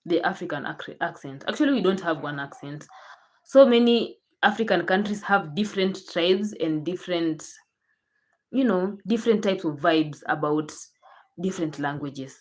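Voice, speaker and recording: Low-voiced Kenyan woman vlogging. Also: moderate pace, a little mellow. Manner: chatty, repeats herself, frequent restarts. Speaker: YouTuber. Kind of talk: casual chat to camera.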